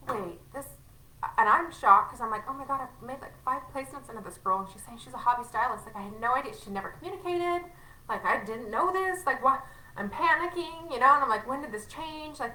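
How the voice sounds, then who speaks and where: A woman's voice: fairly high pitch, pushed and bright, roomy sound, poor audio. A woman leading a sales team, giving a candid and emphatic training talk in casual language, sometimes acting out conversations. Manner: candid, emphatic, acts out quoted exchanges.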